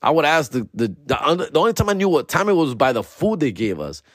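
A man's voice: fairly high pitch, sing-song, fast talker, no room sound, studio quality. A young man, a podcast host telling a story in casual, profane slang mixed with Spanish.

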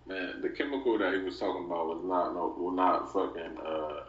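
A man co-hosting a podcast in casual political banter, talking in a halting, slangy, profane way. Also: sits low. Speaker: podcast co-host. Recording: distant, roomy, dull lo-fi sound.

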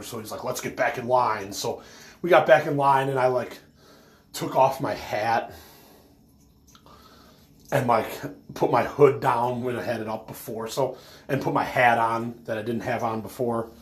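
A man's voice: medium pitch, moderate pace, pauses often. A man telling a rambling story about collecting autographs, full of fillers and swearing, who says he is stoned.

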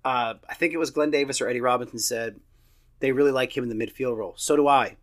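Casual podcast host, man in his thirties, mid-pitched, blunt and opinionated with casual swearing. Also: creaky, a bit bright. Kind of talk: casual solo match review.

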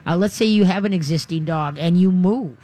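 A man's voice: sits high, brisk. Chatty, folksy man on talk radio. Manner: chatty, folksy, animated advice-giving. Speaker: radio show host and dog trainer. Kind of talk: radio call-in advice show.

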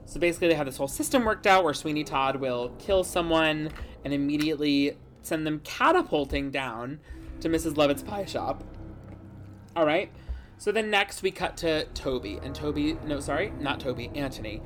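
Jokey animated recap voice, swears a bit, pitch all over, faint music behind. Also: moderate pace. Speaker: storyteller. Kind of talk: comedic plot recap.

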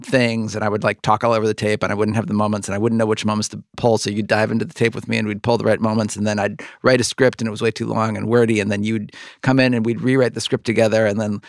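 A middle-aged man hosts a podcast interview, his voice lowish and level, speaking quickly with hardly any pauses while he rambles through likes and restarts in conversation. The studio-quality audio has no room sound.

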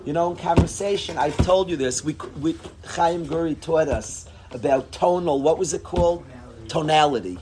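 A man teaching a Torah class in a casual lecture, expressive, swinging between low tones and loud bursts. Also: normal speed, noisy background. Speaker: rabbi teaching students.

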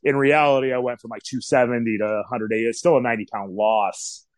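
A man's voice: medium pitch, fairly even intonation, fast, dry recording. A man in his forties telling a personal story in a casual interview, candid and rambling, with many fillers. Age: 40s.

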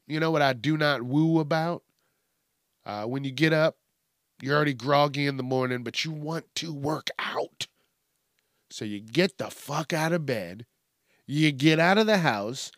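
Man ranting slowly with lively pitch. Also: no room sound, studio quality. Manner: rambling, profane, self-mocking, acts out little voices. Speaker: podcast host. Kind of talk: casual comedic rant.

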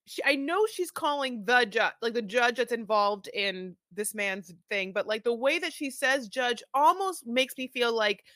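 A woman's voice: a little high, expressive, a little slow, hardly any pauses, pushed and bright, dry recording. A woman co-hosting a podcast in casual chat, rambling with lots of filler words and acting out quotes. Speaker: podcast co-host.

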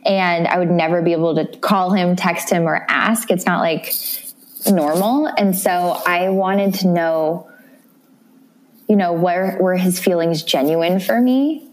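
A woman's voice: on the low side, a little slow. A young woman from the Midwest, a guest in a casual interview, speaking candidly and emotionally with many restarts. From American Midwest.

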